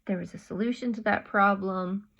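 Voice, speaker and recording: A woman teacher giving a gentle lesson to children, dropping into soft whispers while she draws. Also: mid-range voice, moderate pace, muffled recording.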